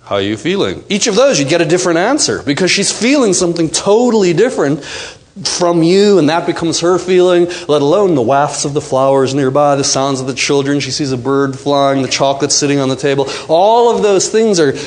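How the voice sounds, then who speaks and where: A man giving a seminar talk to a live audience, animated and playful, acting out quoted voices. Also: a little high, brisk. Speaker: seminar speaker.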